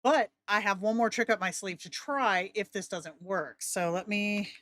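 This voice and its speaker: A woman's voice: medium pitch, moderate pace, a bit bright. A woman hosting, giving chatty, candid tutorial commentary. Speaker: host.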